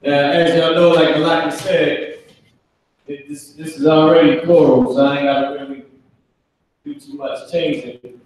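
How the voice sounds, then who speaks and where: A man teaching a live online language class, talking casually with slang and spelling out words slowly for students. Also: fairly high pitch, steady tone, darkish tone, distant mic. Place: classroom with a board. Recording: echoey room, off-mic.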